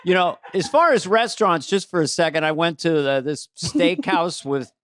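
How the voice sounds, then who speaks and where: A man co-hosts a casual podcast, telling playful, exaggerated anecdotes with a slightly high voice. The sound is dry and close to the mic. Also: moderate pace, a bit bright, dry recording. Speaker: podcast co-host. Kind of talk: casual chat.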